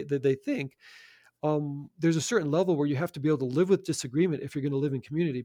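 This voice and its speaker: Earnest man, mellow voice, dry sound. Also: a little high, dry recording. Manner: earnest, repeats words as he restarts. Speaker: guest. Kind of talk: conversational faith talk.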